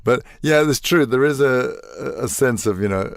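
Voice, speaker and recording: An older man, a voice actor guest telling animated stories in a casual interview and acting out quoted lines. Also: mid-range voice, normal speed, no echo, studio quality. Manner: animated storyteller, acts out quoted lines, laughs often.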